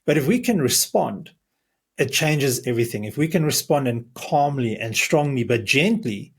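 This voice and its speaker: A man's voice: medium pitch, animated, normal speed, breathy edge. A man who is a marriage coach, earnestly explaining advice in a podcast conversation. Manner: earnest, explaining, restarts words.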